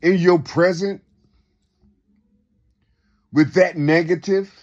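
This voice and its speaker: A man with a high, darkish voice speaks slowly, his intonation fairly even, as he shares reflections. His monologue rambles along unscripted and conversational, dotted with rhetorical questions and repetition.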